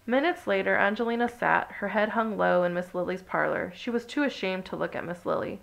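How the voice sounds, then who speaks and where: A woman reading a children's picture book aloud with steady, expressive storytelling. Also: medium pitch, brisk, creaky, hardly any pauses. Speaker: storybook reader.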